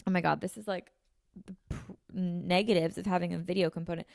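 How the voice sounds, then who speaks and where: A woman's voice: fairly low pitch, steady tone, a little fast, creaky, a little mellow, no echo, clean studio sound. A young American woman from the Philadelphia suburbs, hosting a podcast in casual chat and filling her speech with "like", a little sniffly. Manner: chatty, filler-heavy, says "like" constantly. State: sniffly, slightly runny nose. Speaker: podcast host. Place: apartment room. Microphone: podcast mic with video.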